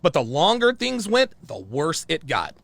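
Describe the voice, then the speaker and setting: A man's voice: fairly high pitch, huge pitch swings, unhurried, creaky, a bit bright, no echo. A man hosting his channel, telling a story in a heated, profane way and repeating himself often. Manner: profane, repetitive, worked-up. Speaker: channel host.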